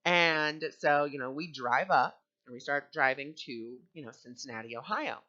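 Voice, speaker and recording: A man's voice: on the high side, moderate pace, sharp tone, muffled recording. A man teaching on spiritual ideas and telling a personal story in an earnest, conversational way.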